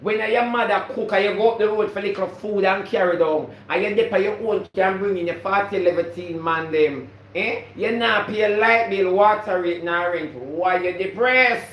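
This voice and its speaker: Preachy Jamaican man, high and echoey. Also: normal speed, few pauses, slight background noise. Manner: preachy, greets viewers by name, repeats himself. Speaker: live-stream host. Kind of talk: casual live-stream monologue.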